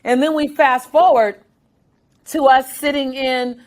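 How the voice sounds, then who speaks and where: A woman guest in a casual interview, telling stories with lively, acted-out quotes and frequent laughter. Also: high voice, measured pace. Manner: animated storyteller, acts out quotes.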